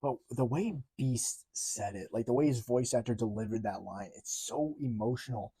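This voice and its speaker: A young man casually reviewing a TV episode, excitable and rambling, swearing now and then. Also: mid-range voice, normal speed, breathy edge. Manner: excitable, rambling, swears, says 'like' often. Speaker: TV show reviewer.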